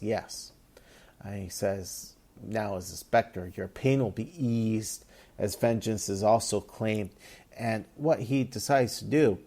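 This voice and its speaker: A man's voice: on the low side, mellow. A man casually retelling a comic book story, reading its dialogue aloud with plenty of "uh" and "um" fillers. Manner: retells the panels with light quoted lines and many "uh" fillers. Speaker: comics reviewer.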